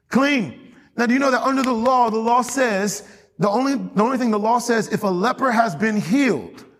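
A man preaching a sermon as pastor, often asking the congregation questions and waiting for their response. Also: high-pitched. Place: church hall. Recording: long hall reverb.

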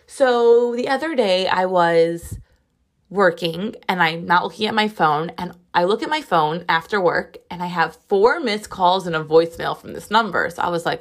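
A woman's voice: on the low side, normal speed. Chatty, swearing woman podcaster. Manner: chatty, profane storytelling with lots of "like". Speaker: podcast host. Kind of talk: casual solo podcast monologue.

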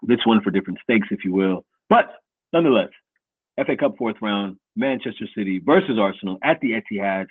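A man with a lowish, husky voice hosts a loose football podcast. He talks in a playful, hype-man way, and the sound comes through thin and phone-like with no room echo. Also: lively intonation, brisk. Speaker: podcast host. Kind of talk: casual sports podcast chat.

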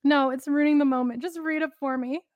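A woman's voice: high-pitched, fairly even intonation, a little fast, no room sound, lo-fi sound. A woman co-hosting a casual faith podcast, teaching with laughter and self-mockery. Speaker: podcast host.

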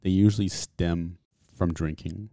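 A man's voice: sits low, fairly even intonation, unhurried, creaky, warm tone, no room sound, studio quality. A young man co-hosting a casual podcast, teasing his friend and laughing a lot. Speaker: podcast co-host. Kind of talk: casual chat.

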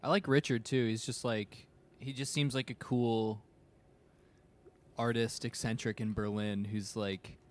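Man, low voice, laid-back, hunts for words, video call chat. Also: flat delivery, measured pace. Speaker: book club member. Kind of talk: casual video-call discussion.

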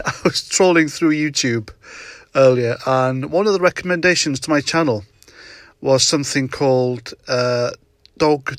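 A man's voice: mid-range voice, fairly bright tone, no echo, clean studio sound. A middle-aged man hosting a casual solo podcast from his parked car at night, telling a story with frequent laughs and swearing. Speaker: podcast host.

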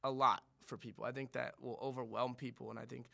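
A man's voice: medium pitch, level tone, quick pace, vocal fry, pushed and bright. A man who is a podcast guest, talking earnestly and rambling with many restarts and curses. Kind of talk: casual podcast chat.

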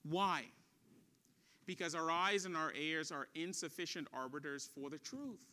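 A man preaching a sermon as pastor, asking the congregation questions and dropping soft and quiet for a story. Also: on the high side, expressive, a little slow.

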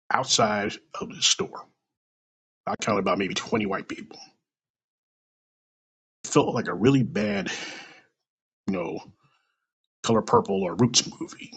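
In a rough, gravelly, husky voice, a man recounts an episode from his own life, his pitch swinging up and down energetically. The retelling is blunt and full of swearing, charged with raw emotion.

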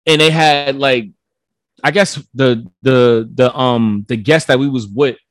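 A man's voice: mid-range voice, a little slow, dry recording. Laid-back man in dry casual chat.

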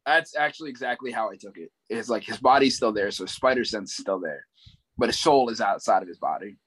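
A man with a fairly low voice chats loosely about a film. He retells it in a rambling way, with plenty of ums and likes. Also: fast talker, fairly bright tone, husky, poor audio. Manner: rambling retelling with many fillers. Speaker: movie recap co-host. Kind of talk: casual chat.

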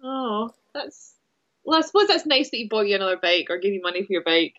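A woman's voice: mid-range voice, big pitch swings, fast talker, fairly bright tone, highs cut off. A young adult woman, co-hosting a casual chat podcast, playful and teasing, laughing often. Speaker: podcast co-host.

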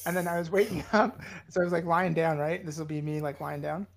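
A man in his late thirties co-hosting a podcast, telling a story in a relaxed way and laughing often. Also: fairly high pitch, quick pace, creaky, slight background noise. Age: late 30s. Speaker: podcast co-host. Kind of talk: casual podcast chat.

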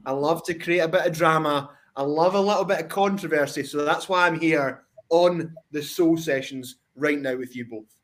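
A man's voice: fairly high pitch, normal speed. Brash, cocky man with a raised voice. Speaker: wrestler guest. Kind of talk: boastful trash talk.

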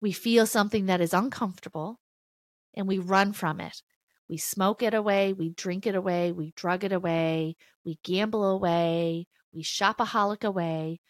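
A woman's voice: mid-range voice, normal speed, dry recording. Earnest woman giving a motivational talk, dry sound. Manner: earnest, emphatic, with blunt casual swearing; repeats key phrases for emphasis. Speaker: podcast host.

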